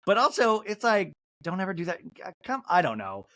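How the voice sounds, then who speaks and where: A man hosts a comedic recap podcast and leaps between his own voice and playful impressions of the cast. His pitch swings widely and sits a little high for a man. The sound is dry and close, with no room around it. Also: wildly swooping pitch, a little fast, bright, forceful tone, no echo. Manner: acts out each cast member's lines in put-on voices. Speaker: podcast host. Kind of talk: comedic reality-show recap.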